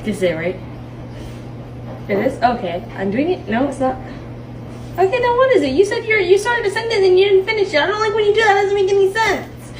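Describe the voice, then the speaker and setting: A woman's voice: extremely high pitch, lively intonation, brisk, reverberant, far from the mic, slight background noise, poor audio. A woman at home being filmed on a phone, confused and laughing nervously as she keeps asking what is going on. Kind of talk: casual home video chat. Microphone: phone camera.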